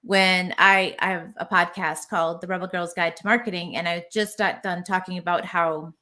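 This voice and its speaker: A woman's voice: on the low side, fairly even intonation, normal speed, sharp tone. A woman guest in an interview, a marketing strategist explaining her ideas with confidence. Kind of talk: casual interview chat.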